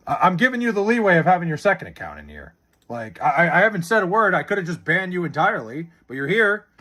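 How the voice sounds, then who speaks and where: A man's voice: on the high side, fairly bright tone. A young man streaming live, chatting casually and bluntly with his chat, swearing a lot as he answers their questions.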